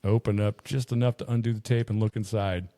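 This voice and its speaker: A man's voice: lowish voice, fairly even intonation, brisk, mellow. A man co-hosting a podcast, telling long, profane stories in casual chat. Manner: profane, rambling storyteller. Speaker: podcast co-host.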